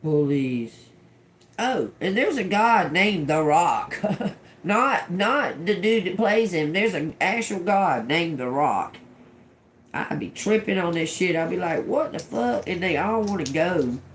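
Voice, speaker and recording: A middle-aged woman streams a channeled tarot reading in a slow, unhurried way. She swears freely, giggles to herself and drifts between muttered single words and rambling asides. A faint background hum sits under her voice. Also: on the low side, animated. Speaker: tarot reader on a livestream. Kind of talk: casual live channeled reading.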